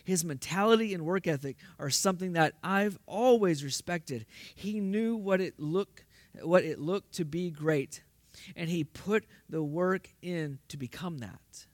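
A man preaching with a notably high voice. He works through rhetorical questions and breaks into emphatic bursts. The recording is dry, with almost no room sound. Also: a little slow, no room sound. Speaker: pastor. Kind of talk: sermon.

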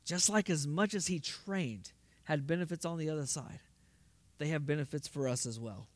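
High-voiced preacher with dry sound. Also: male voice, moderate pace, dry recording. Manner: rhetorical questions, rising to emphatic bursts. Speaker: pastor. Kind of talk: sermon.

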